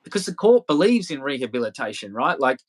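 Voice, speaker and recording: A man in his thirties, talking as a podcast guest at a mid pitch. His stories ramble and restart, laced with swearing and easy laughter. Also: very animated, fast. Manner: loose, rambling, swears freely, laughs often. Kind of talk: casual storytelling interview.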